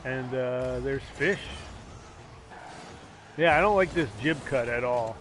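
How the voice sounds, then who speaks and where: A man on a casual gaming stream, rambling and sarcastic, now and then yelling at his teammates. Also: medium pitch, takes it slowly, a little hiss or hum.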